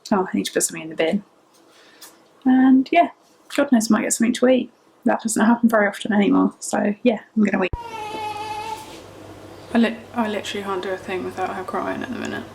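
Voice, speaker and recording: A woman's voice: medium pitch, fast talker, creaky, long pauses, darkish tone. A young English woman, a first-time mum, chatting casually to camera at home, rambling and sometimes whispering. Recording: noisy home recording.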